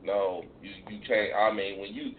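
A man co-hosting a radio show, talking in casual comedic banter. He is animated and profane and often stammers and restarts. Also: fairly low pitch, moderate pace, creaky. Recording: lo-fi phone-like sound with faint noise.

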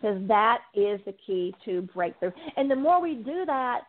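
A woman guest, an addiction recovery coach, speaks in a faith-based interview, earnest and preaching, repeating phrases for emphasis. Her voice is a little high, very animated and moderately paced, heard over a tinny phone line with slight hiss or hum.

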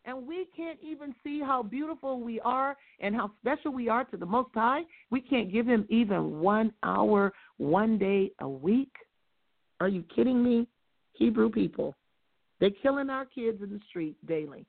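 A woman's voice: on the high side, normal speed, vocal fry. Emphatic woman preaching over a phone line. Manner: emphatic, rhetorical questions; animated, rising to near-shouted stresses. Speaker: guest speaker. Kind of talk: preachy religious talk-show teaching.

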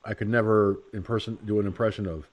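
A man hosting a casual radio talk show, blunt and profane, rambling and slipping into quick impressions. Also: on the low side, fairly even intonation, a little hiss or hum. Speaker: host.

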